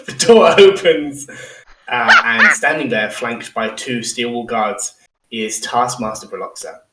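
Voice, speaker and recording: A man's voice: mid-range voice, slow, echoey room, far from the mic, background noise. A man narrating as game master of a tabletop game, setting scenes and calling for rolls, laughing often.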